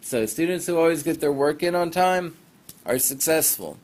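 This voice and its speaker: A man's voice: fairly high pitch, expressive, normal speed, a little mellow. A male teacher casually giving class announcements over a phone livestream, rambling and poking fun at himself. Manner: chatty, rambling, self-deprecating asides.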